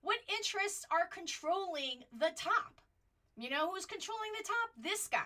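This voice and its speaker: A woman's voice: extremely high pitch, expressive, normal speed, pushed and bright, recorded from a distance. A woman hosting a political commentary show from home, talking casually and passionately, rambling and jumping between points.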